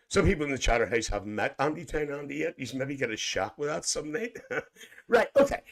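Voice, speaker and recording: A man's voice: medium pitch, animated, brisk, creaky. Chuckling Northern Irish man hosting a live chat. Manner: chuckles often between lines; chatty, teasing, rambling storyteller. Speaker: livestream host reading viewer comments. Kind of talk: casual live chat, imagined coach trip.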